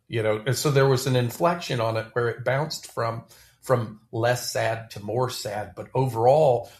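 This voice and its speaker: A man hosting a poetry podcast, discussing a poem in a lively, stammering way with frequent restarts. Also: medium pitch. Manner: animated, stammering restarts, chuckling.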